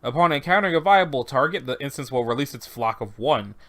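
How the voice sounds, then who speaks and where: A man reading horror fiction aloud, deadpan, with sarcastic asides and quick self-corrections. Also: mid-range voice.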